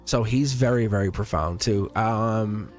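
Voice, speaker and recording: A man's voice: lowish voice, measured pace, soft background music. A man hosting a live tarot stream in casual chat, talking in an earnest, rambling way with many fillers and restarts and frequent laughs. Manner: laughs often between thoughts. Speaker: tarot reader hosting a livestream.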